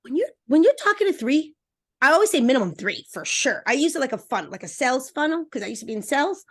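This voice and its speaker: High-voiced, emphatic woman dating coach. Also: fast. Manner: energetic, emphatic, talks straight to listeners; acts out voices with expressive pitch swings. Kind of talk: podcast interview guest.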